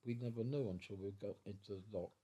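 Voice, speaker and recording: Old man in his 90s telling stories at home, low mellow voice, kinda rambly, lots of restarts. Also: fast talker, dull audio. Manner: rambling, repeats and restarts, chuckles while telling. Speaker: veteran interviewee. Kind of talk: storytelling interview.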